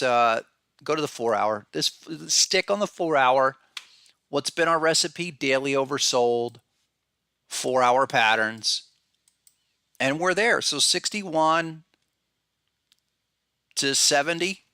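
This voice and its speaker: A man hosts a podcast and analyzes markets, walking through charts in a rambling, casual way full of restarts and fillers while calling out viewers by name. His mid-range voice is slow with long pauses, pushed and bright but clean. The studio-quality recording has no echo.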